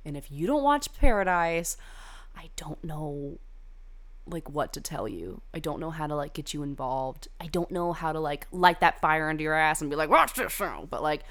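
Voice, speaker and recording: A woman's voice: sits low, lively intonation, normal speed, a bit bright. A young woman hosting a casual chat, gossiping about reality TV contestants in a chatty, profane way full of "like" and side tangents. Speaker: podcast host reviewing a reality dating show.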